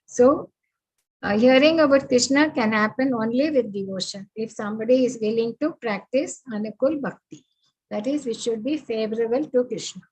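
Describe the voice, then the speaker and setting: A woman teaching an online scripture class over a video call, unhurried and full of fillers as she walks through her slides. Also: fairly high pitch, darkish tone, slightly rough, poor audio. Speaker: spiritual teacher.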